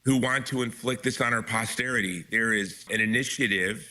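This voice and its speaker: A low-pitched man talks as a guest author with a forceful, tense edge to his voice. He presses his points urgently and emphatically, often restarting mid-sentence. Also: normal speed. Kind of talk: impassioned interview talk.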